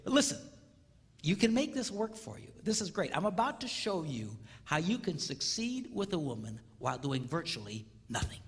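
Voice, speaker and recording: A man giving a comedic marriage seminar on stage in a large hall, playful and animated, acting out little quotes and sound effects. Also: sits high, a little fast. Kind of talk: comedic live seminar talk. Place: large hall with live audience.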